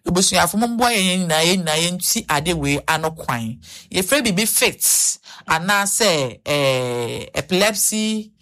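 Ghanaian woman on the radio, low voice, serious health advice, repeats herself a lot. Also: lively intonation, measured pace, a bit bright. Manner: earnest, repeats warnings. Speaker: health talk guest.

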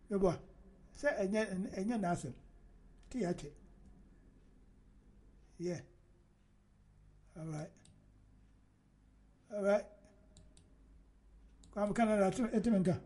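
Dark-voiced man riffing on politics. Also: high-pitched, slow pace, pauses often. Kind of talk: casual political commentary.

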